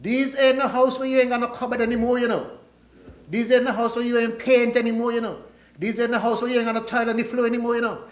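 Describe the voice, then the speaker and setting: A man's voice: extremely high pitch, level tone, quick pace, a little hiss or hum. A man with a Kittitian accent giving a folksy, teasing parliamentary budget speech as a government minister. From Saint Kitts and Nevis. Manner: folksy, teasing, joking with colleagues. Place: parliament chamber. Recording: roomy echoing chamber.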